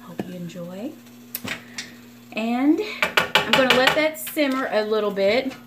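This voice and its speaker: A woman's voice: fairly high pitch, lively intonation, unhurried, very noisy. A woman vlogger talking casually through a cooking demonstration in her home kitchen, rambling and chatty with apologetic asides. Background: frying and sizzling in a skillet.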